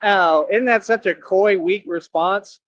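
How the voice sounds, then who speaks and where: A man's voice: high-pitched, a little slow, fairly bright tone, muffled recording, slight background noise. A man hosting a livestream, talking casually to his chat and mocking commenters in a combative way. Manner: combative, mocking, talks back to viewer comments. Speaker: livestream host.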